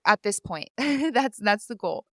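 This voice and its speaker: On her own podcast, a young woman talks in a candid, chatty way, packing her speech with fillers while she sniffles and grows teary at moments. She has an expressive mid-range voice and a measured pace. The studio-microphone recording is studio quality with no echo.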